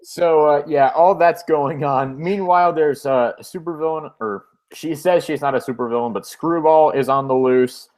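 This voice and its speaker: A man hosting a comic book podcast, giving context in a hesitant, casual way with many pauses. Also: a little high, darkish tone. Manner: hesitant, many uhs, laughs often.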